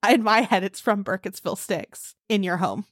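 Woman co-host, quick teasing banter, dry close mic. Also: medium pitch, no echo. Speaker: podcast co-host. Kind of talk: casual chat.

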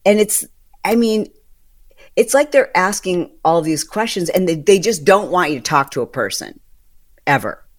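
A woman hosting a casual solo podcast, venting in an exasperated, fast-running storytelling manner. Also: lowish voice. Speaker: podcast host.

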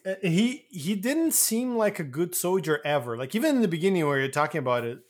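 Man, casual film chat, rambling storyteller, slightly high voice. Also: very animated, fairly quick. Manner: rambling, swearing, acts out characters mid-story. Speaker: podcast co-host.

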